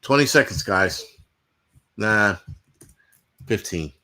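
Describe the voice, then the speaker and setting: A man's voice: fairly low pitch, lively intonation, takes it slowly, sharp tone. Profane ranting man on a livestream. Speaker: livestream host. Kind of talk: casual livestream rant to chat.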